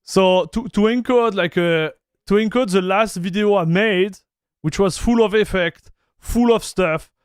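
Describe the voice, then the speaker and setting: A man, hosting a casual livestream chat, animated and stammering, calling his viewers bro and dude. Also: high-pitched, unhurried, clean tone, dry recording, clean studio sound. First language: French. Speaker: livestream host.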